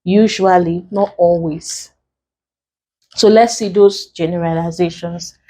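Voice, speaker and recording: Nigerian woman teaching english exam prep, really slow and careful, spells out letters. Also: on the low side, fairly even intonation, mellow. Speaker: English tutor. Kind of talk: exam-prep lesson at a whiteboard.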